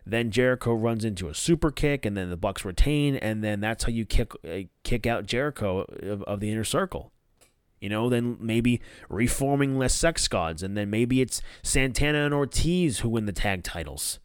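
A man hosts a casual solo review, rambling with restarts and offhand swearing. His voice is smooth and resonant. The recording is dry and close. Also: fairly low pitch, animated, normal speed, no echo. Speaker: wrestling podcast host.

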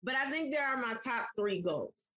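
A woman's voice: fairly high pitch, animated, moderate pace, pushed and bright. A woman co-hosting a podcast in casual chat, talking straight to her listeners. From United States. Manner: chatty, addresses listeners directly. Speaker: podcast co-host.

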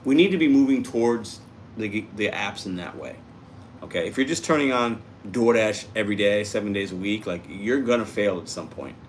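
A man's voice: on the low side, animated, moderate pace, slight background noise. A man hosting a casual livestream, reading out and answering viewer comments in an upbeat, chatty way. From Puerto Rico. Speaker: livestream host reading chat.

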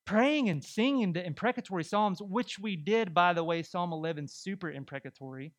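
Animated male pastor preaching. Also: high-pitched, fairly quick. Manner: animated, conversational preaching with rhetorical questions. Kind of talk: sermon.

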